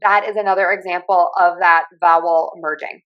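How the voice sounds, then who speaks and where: A woman from Pittsburgh with a Pittsburgh accent, a speech pathologist and communication coach explaining accent features in a clear, friendly teaching manner. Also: fairly low pitch, steady tone, normal speed, dull audio. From Pittsburgh, USA. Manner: clear, friendly teacher who demonstrates sounds.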